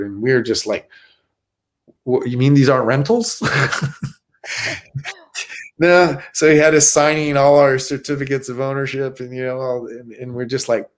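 A middle-aged man, a stuntman guest, telling stories in a casual interview with lots of restarts. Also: medium pitch. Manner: animated storyteller with many restarts.

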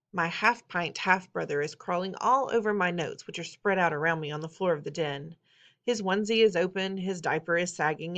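Brief: female reader, wry expressive first-person novel narration, lowish voice. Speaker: audiobook reader.

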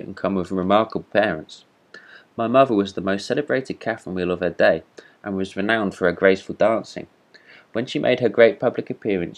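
In a low, natural voice, a man plays a pompous, vain talking firework rocket in a read-aloud storybook. He sounds haughty, self-important, and indignant.

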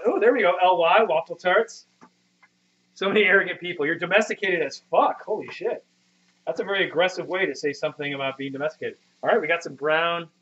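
A slightly high, somewhat bright male voice comes through muffled lo-fi stream audio. He's in his thirties, live-streaming from a home kitchen and chatting casually with viewers in a rambling, foul-mouthed, self-mocking way.

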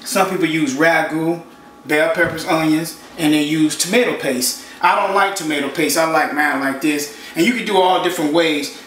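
A man with a fairly high, somewhat bright voice hosts a cooking show from his home kitchen, chatting and walking the viewer through each stage. The recording is echoey and distant from the mic, with frying and sizzling noise behind him.

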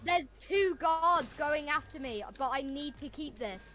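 Bright high-voiced woman gaming. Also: animated, a little slow. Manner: giggly, squeals in panic. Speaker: gamer co-playing a prison game. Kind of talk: casual gaming chat.

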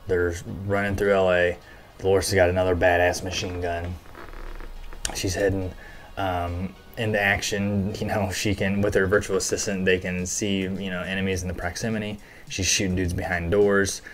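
A man's voice: low-pitched, flat delivery, moderate pace. A man hosting a casual episode breakdown, talking loosely with lots of fillers and casual swearing. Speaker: show recap host.

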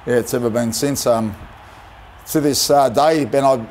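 A man's voice: mid-range voice, fairly even intonation, normal speed, a little mellow, slight background noise. A middle-aged Australian man, a former player, spinning emotional, colloquial yarns as a guest on a sports panel. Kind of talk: TV panel anecdote.

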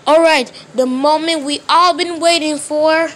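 A woman talking through a toy play scene, switching quickly between plush characters in loose, ungrammatical play talk. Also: high voice, steady tone, a bit bright. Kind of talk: toy play with many voices.

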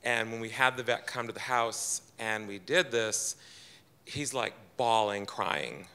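A man with a very bright, ringing voice tells a personal story to a live audience. He is chatty and self-deprecating, and he slips into quoted lines of dialogue in his own voice. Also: fairly low pitch, measured pace, clean tone. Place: event room with audience.

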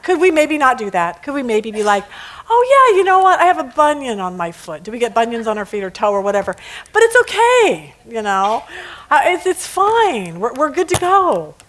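Animated woman teaching Bible study. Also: high-pitched, normal speed, rough recording. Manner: animated, laughing, acts out scenes. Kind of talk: casual teaching lesson.

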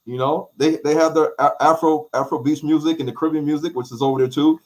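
A man with an African American English accent, a guest in an interview, telling stories in an animated way, repeating phrases and acting out quotes. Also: fairly high pitch, fast talker. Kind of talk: animated conversational storytelling.

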